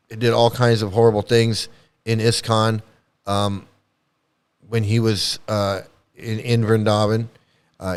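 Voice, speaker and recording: A man's voice: lowish voice, clear, resonant tone. Blunt rambling man talking casually. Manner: rambling, blunt, profane, many restarts and fillers. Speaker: ex-cult commentator. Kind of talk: casual monologue commentary.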